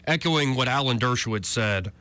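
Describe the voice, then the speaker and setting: A man's voice: medium pitch, expressive, normal speed, pushed and bright, no echo. A talk radio host, a man from Alabama, giving a sarcastic political commentary monologue and calling himself a cynic. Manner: sarcastic, self-described cynic.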